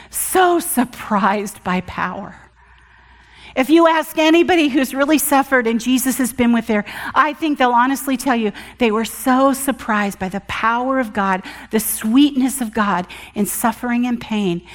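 Middle-aged woman, church guest speaker, earnest testimony; slightly high voice, echoing hall. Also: moderate pace. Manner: earnest, emphatic, swings from loud to hushed. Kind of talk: sermon with personal testimony.

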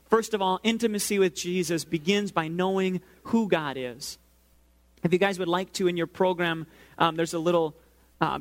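Male pastor, 30s, higher register, relaxed storytelling sermon. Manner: conversational, storytelling, talks to the audience directly.

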